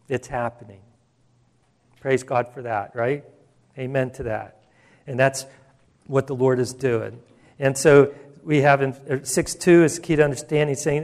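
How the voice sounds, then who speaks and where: A man's voice: medium pitch, a little mellow. A male pastor preaching a sermon in an emphatic, conversational way, with asides and restarts.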